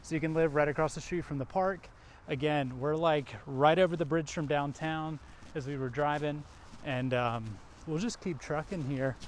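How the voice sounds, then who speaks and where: A local man walks and talks through an outdoor tour, easygoing and chatty, with plenty of ums and uhs. His voice sits a little high for a man. Faint traffic and outdoor ambience hum behind him. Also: moderate pace. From Rock Hill area, South Carolina. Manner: easygoing, chatty, lots of fillers. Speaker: vlog host, local realtor-style guide. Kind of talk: casual walking tour vlog. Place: outdoors in a park and shopping plaza.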